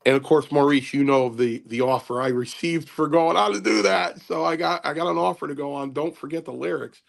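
An older man, a host and former wrestler, talking in a halting, rambling casual way with many fillers and repeats. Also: on the high side, creaky.

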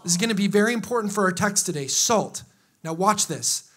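High-pitched animated male preacher. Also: fairly quick. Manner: animated, joking storyteller who acts out biblical dialogue. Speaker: pastor. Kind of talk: energetic sermon.

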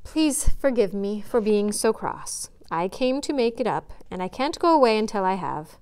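A woman's voice: mid-range voice, sing-song. A woman reading as a spirited, frank teenage girl. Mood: coaxing. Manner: brisk, coaxing, blunt.

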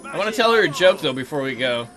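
Excitable young man narrating gameplay. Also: on the high side, quick pace, soft background music. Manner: excitable, animated, joking, voices the game characters' lines. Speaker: let's play gamer. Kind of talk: casual gameplay commentary.

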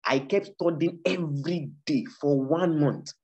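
A man's voice: on the high side, measured pace, darkish tone. A man with a Nigerian accent, an author speaking about his book in an emphatic, preaching style, repeating his points to urge listeners on. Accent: Nigerian English. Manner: emphatic and repetitive, exhorting listeners. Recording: dull lo-fi recording.

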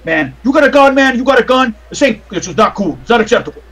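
A man voicing a panicky, loud male doorman from the 1920s who shouts and repeats himself. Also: very high voice, animated, fast, pitched above the performer's own voice, heavily acted. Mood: accusing.

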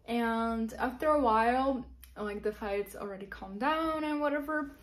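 A woman's voice: fairly high pitch, unhurried. A young woman telling a personal story to camera in a chatty, giggly way, full of fillers. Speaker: vlogger.

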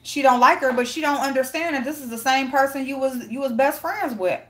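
A woman's voice: high-pitched, fairly quick, fairly bright tone. A woman hosting a casual live stream, reading chat and greeting viewers by name, blunt and profane with frequent laughter.

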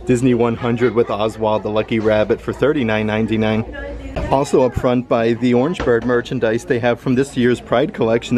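A man with a mid-range voice strolls through a shop with a handheld camera, chatting upbeat about what he sees. His casual vlogging tone keeps a steady, friendly flow as he reads out prices. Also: medium pitch. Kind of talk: casual shopping walkthrough. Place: indoor retail store.

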